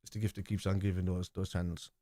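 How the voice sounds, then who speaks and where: A man with a low, warm, mellow voice chats through a live football stream. He sounds blunt and opinionated, swearing freely and hammering the same points home. The sound is close and dry. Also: level tone, quick pace, no room sound. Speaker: host of a football watchalong stream. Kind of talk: casual live commentary and chat.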